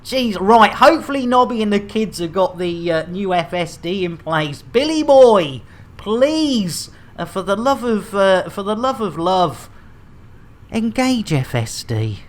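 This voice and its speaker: A man's voice: high voice, very animated, unhurried. A man chatting to viewers while streaming a space game, jokey and chatty. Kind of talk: casual game streaming chat.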